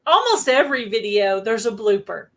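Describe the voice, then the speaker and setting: A woman's voice: fairly high pitch, sing-song, moderate pace, poor audio. A middle-aged woman hosting a casual live-stream interview, chatty and prone to giggling as she tells stories. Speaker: host.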